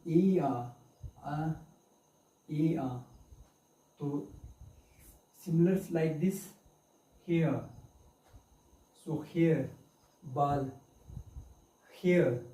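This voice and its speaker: Slow-drilling male pronunciation teacher, echoey. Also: fairly high pitch, mellow. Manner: slow, repeats each sound and word over and over as a drill. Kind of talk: pronunciation lesson. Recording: echoey room, voice from far off the mic, faint hiss.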